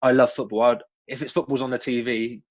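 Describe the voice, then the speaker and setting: This West Country Englishman talks fairly quickly at a medium pitch, in a dry, dull-sounding recording. Once a professional footballer, he chats through interview answers as a guest, telling lively stories and often restarting with plenty of ums.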